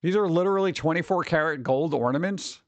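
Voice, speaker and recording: A man chatting casually on a live stream, reading chat and reacting with quick exclamations. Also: fairly high pitch, dry recording.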